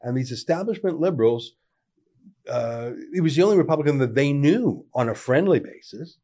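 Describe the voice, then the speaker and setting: A man's voice: medium pitch, lively intonation, fairly quick, dark tone. A man delivering a sardonic, conversational political opinion monologue. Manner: sardonic, conversational, dry mockery. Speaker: political commentator.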